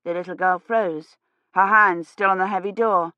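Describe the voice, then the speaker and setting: A woman narrating an audiobook in a hushed, suspenseful way, at a middling pitch. Her reading is scripted and measured. The sound is dry and close, with no room echo. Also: fairly even intonation, highs cut off.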